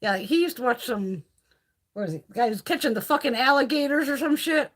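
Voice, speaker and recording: Lively, blunt woman livestream host. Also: high voice, a little fast. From Northeastern US. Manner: blunt, profane, animated storyteller. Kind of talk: casual livestream chat.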